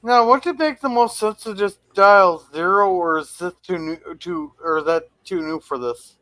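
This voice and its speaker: A man's voice: high voice, moderate pace, sharp tone, no echo. A man in a casual chat, curious and chatty, asking questions about what he sees. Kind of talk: casual chat reviewing an old sitcom.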